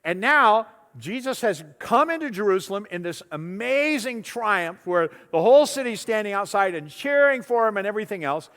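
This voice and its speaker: A man's voice: sits high, expressive, moderate pace, hardly any pauses, fairly bright tone, big-room sound. A man preaching a sermon in a church on a lapel mic, talking conversationally, often repeating words and acting out voices from the story. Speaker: pastor. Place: church sanctuary.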